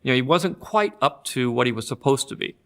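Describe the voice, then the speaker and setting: Man, filmmaker, gravelly voice, mid pitch, thoughtful, conversational. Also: lively intonation, fairly quick, a bit bright. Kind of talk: documentary interview.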